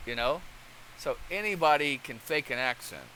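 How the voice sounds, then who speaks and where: Rambling guy doing casual commentary, bright tense tone, keeps saying okay, little bit of background hiss. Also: on the high side, expressive, moderate pace, low-quality recording. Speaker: channel host.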